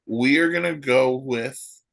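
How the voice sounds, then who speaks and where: Ranting sports podcast host. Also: male voice, mid-range voice, takes it slowly, gravelly, fairly bright tone. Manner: ranting, rhetorical questions. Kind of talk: solo sports podcast commentary.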